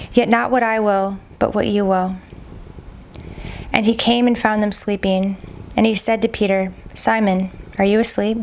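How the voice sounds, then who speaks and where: A woman reading scripture aloud at a steady, measured pace, sometimes stumbling on a hard name and repeating it. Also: mid-range voice, a little hiss or hum. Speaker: Bible reader.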